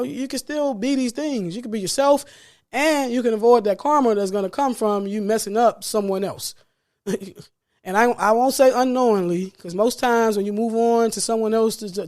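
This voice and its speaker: A man with a notably high voice gives a solo podcast talk as a life coach. He speaks in an earnest, preachy way, circling back to repeat his key phrases. Light laughs slip out between his points. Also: darkish tone. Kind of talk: solo motivational podcast monologue.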